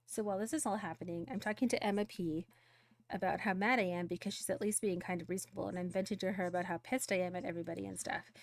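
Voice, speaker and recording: A woman's voice: medium pitch, fairly even intonation, quick pace, gravelly, no echo, lightly acted. Woman voicing a hurt, exasperated teen girl. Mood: hurt, venting. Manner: rambling, exasperated storytelling. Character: upset teenage girl venting to her dad. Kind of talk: reading a game's dialogue aloud.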